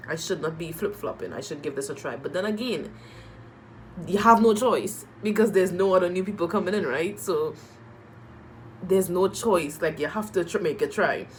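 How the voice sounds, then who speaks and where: A woman reviewing a reality TV episode in casual chat, animated and emotional, repeating phrases and using slang. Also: lowish voice, moderate pace, a little hiss or hum, low-quality recording. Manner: moved and emotional while talking.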